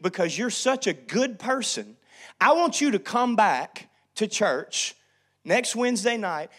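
A pastor in his thirties delivers a sermon, acting out family quarrels and swinging between loud and hushed. His voice sits high.

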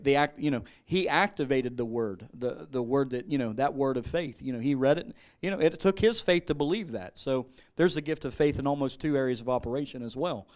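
A man speaking at a church gathering, retelling a faith story haltingly with many fillers and restarts. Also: a little high. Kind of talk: informal teaching on scripture.

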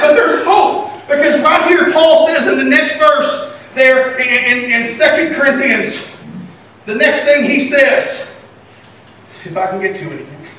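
A man preaching a sermon as pastor, animated, swinging between loud and quiet. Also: very high voice, a little slow. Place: church sanctuary. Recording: echoey church hall from a distant mic.

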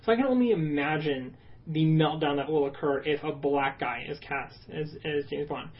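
Animated, jokey man on a lo-fi podcast. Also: on the high side, normal speed. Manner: animated, swears, jokey banter. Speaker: podcast co-host. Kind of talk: casual chat.

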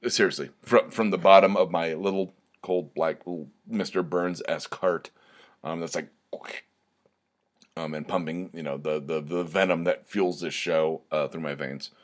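A man's voice: deep voice, steady tone, moderate pace. A man hosting a podcast, talking in a loose, joking monologue with lots of fillers and restarts. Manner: rambling, joking, full of fillers. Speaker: podcast host. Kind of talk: casual monologue.

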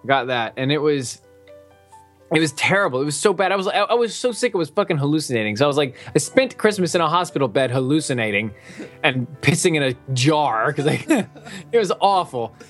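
A man's voice: on the high side, lively intonation, a little fast, fairly bright tone, soft background music. A young man on a casual podcast, rambling through a profane story and laughing often. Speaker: podcast co-host. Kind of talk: casual chat.

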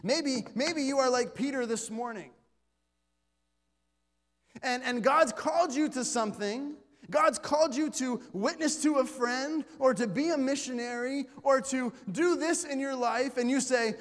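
A man's voice: very high-pitched, unhurried. A man preaching a sermon and reading scripture in a conversational way, with light self-deprecating humor and stammered restarts. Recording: long hall reverb.

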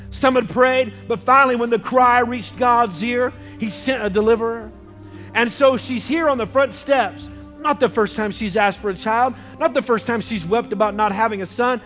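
A man's voice: very high voice, fairly bright tone. A man preaching a sermon in a church, emphatic and calling out questions to the congregation. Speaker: pastor.

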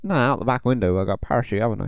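Fast-talking man, blunt jokes. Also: mid-range voice, vocal fry, smooth, dry recording, studio quality. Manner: quick, blunt and jokey. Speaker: podcast co-host. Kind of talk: casual joking chat.

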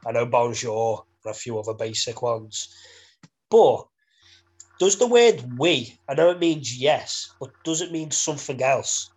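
A young man with a Liverpool accent, chatting casually as a podcast co-host. His talk is loose and laddish, full of swearing and laughter, at an ordinary male pitch. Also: animated, a little slow, a little mellow, breathy edge, poor audio. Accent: Liverpool English. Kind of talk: casual banter.

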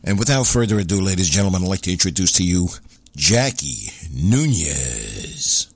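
A man's voice: sits low, very animated, normal speed, creaky, slightly rough, no echo. A man hosting a radio show, chatting in a rambling, jokey way. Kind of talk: casual radio chat.

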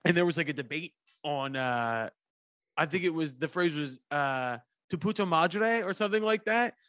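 A man's voice: on the high side, expressive, normal speed, a bit bright, no echo, studio quality. A man from Philadelphia hosting a podcast, telling stories in casual, profanity-laced chat. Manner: profane, storytelling. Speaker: podcast host.

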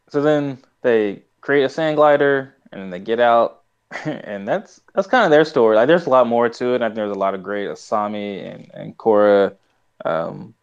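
A man's voice: medium pitch, smooth. Laughing, rambling man on a lo-fi mic. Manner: rambling, filler-heavy, laughs often. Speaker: podcast co-host. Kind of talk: casual chat recapping a show.

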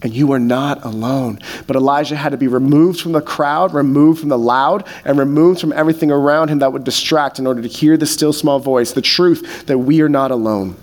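A man with a notably high voice preaching a sermon as a pastor. His delivery is relaxed and conversational, dotted with jokes and filler words. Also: fairly quick, hardly any pauses. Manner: casual and joking, many fillers.

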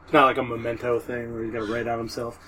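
A man's voice: mid-range voice, completely flat delivery, fast, pushed and bright, slight background noise. A man in a casual chat, tossing in short dry jokes and replies.

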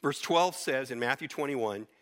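A middle-aged man delivers a sermon in a bright, forward voice. He teaches earnestly through scripture, speaking off the cuff with small restarts along the way. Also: medium pitch, normal speed. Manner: earnest, unscripted Bible teaching, with restarts and quoted verses. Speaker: preacher.

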